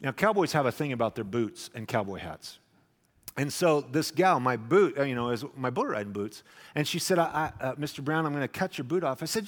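A man, preaching a sermon and telling lively personal stories, acting out the people in them. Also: mid-range voice, brisk. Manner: animated storyteller, acts out voices. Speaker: pastor. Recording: hall with long reverb.

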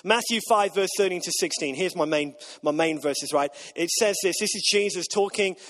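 Man, pastor, sermon, emphatic, repeats phrases, prompts congregation, high-pitched, long hall reverb. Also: moderate pace, a bit bright. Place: church auditorium.

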